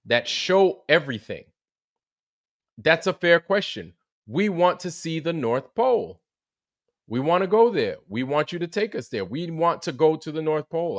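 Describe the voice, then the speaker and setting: A man's voice: a little high, fairly bright tone, no echo, studio quality. A man hosting a livestream, chatting casually about a show that just ended. He swears freely, laughs often and greets viewers by name. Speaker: livestream host. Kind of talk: casual livestream recap chat.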